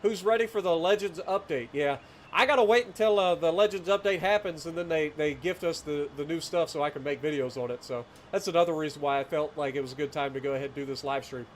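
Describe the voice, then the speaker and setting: Late-30s guy w/ a rural ohio accent, rambling story mode on his livestream, kinda high voice. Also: quick pace, a little hiss or hum. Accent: rural southeastern Ohio. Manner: rambling storyteller, chuckles often, greets chat. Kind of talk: casual gameplay livestream chat.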